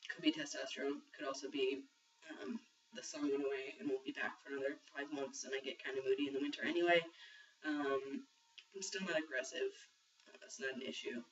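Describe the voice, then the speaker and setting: A man's voice: medium pitch, fairly even intonation, a little fast, a bit bright, slight background noise. A young trans man talking casually in a video diary, rambling with lots of ums and the odd swear word. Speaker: vlogger sharing a transition diary. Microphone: built-in camera mic. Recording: muffled lo-fi camera audio from a distance.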